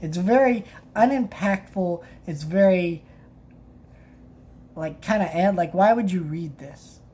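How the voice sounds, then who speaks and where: A woman with a lowish, mellow voice reads passages from a book aloud and comments on them in a casual review. She often stops and restarts mid-sentence. A faint hum sits under the recording. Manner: halting, many restarts and fillers.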